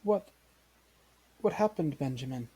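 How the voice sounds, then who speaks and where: A man voicing a grieving village mother who speaks in halting, stammering bursts. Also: on the high side, expressive, dark tone, husky. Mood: stunned grief.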